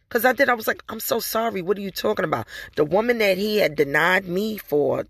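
A woman's voice: lowish voice, fairly bright tone, no echo. Candid, profane woman podcast host. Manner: candid and profane, addressing listeners directly. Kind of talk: casual storytelling monologue.

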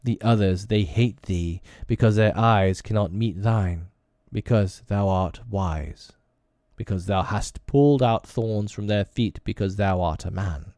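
A man's voice: on the low side, measured pace, mellow, no echo. A man voicing a wise, protective male panther who speaks solemnly and tenderly in a storybook reading. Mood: grave, tender.

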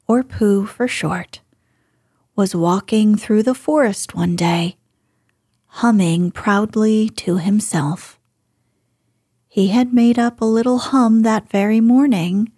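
A woman reading a children's story aloud as a soothing bedtime story, soft and hushed. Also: medium pitch, breathy edge, no room sound, clean studio sound.

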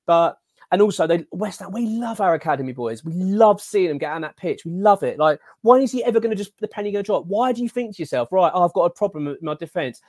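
A man's voice: high voice, fast talker, no room sound, studio quality. A man, hosting a casual football podcast and ranting animatedly, stumbling over his words. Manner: animated, ranting, filler-heavy. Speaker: podcast host.

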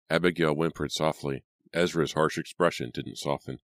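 A male audiobook narrator with an extremely low, deep voice, telling a spooky tale at a measured, dramatic pace. The recording is close and dry, with no room echo. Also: fairly even intonation, a bit bright.

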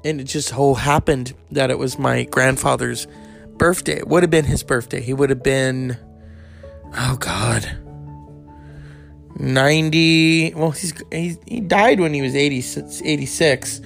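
A man telling a candid personal story in a rambling, casual way, swearing freely and adding animated asides. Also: mid-range voice, measured pace, creaky, faint music behind.

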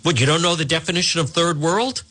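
Husky combative talk radio man. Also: on the high side, fast, bright, forceful tone. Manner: combative, repeats himself, rhetorical questions. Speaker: radio talk show host. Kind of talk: opinionated talk radio monologue.

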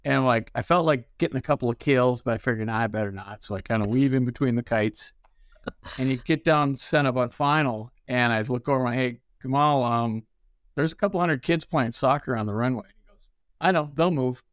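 A man spins animated stories, acting out each exchange with bursts of laughter. His voice sits at an ordinary pitch and the recording is dry and close. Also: brisk, dry recording. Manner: animated, laughing storyteller who acts out dialogue. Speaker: ferry pilot guest. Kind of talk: storytelling interview.

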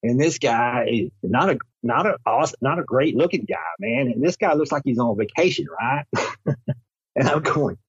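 A man's voice: medium pitch, lively intonation, normal speed, husky, no room sound. A man telling a personal experience in a rambling way, with many restarts and repeated words. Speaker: storyteller recounting a personal experience. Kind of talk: rambling first-person storytelling. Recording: dull, dry, lo-fi recording.

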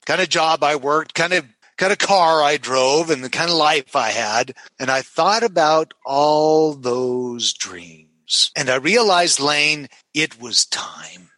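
Middle-aged man, podcast guest, a fairly high and bright voice, dramatic storyteller who acts out every quote. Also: measured pace, no echo, poor audio. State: emotional. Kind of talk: animated storytelling.

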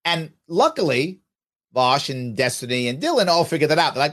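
Man, 50s, podcast host reading comments aloud: lively swooping delivery, pitched a touch high. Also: moderate pace. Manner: animated, emphatic, quotes others in exaggerated voices. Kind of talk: casual talk reading listener comments.

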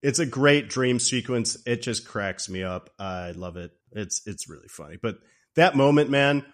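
Animated man recapping a comedy film. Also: medium pitch, normal speed. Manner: animated, laughs often, acts out scenes. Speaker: podcast co-host. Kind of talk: casual movie recap.

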